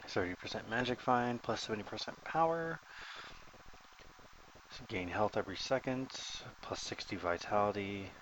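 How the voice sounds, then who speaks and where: Male gamer, fairly low voice, casual thinking-aloud commentary. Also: normal speed, fairly bright tone, slight background noise, rough recording. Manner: thinks aloud while playing, chatty and joking. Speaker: gamer commentating his own play.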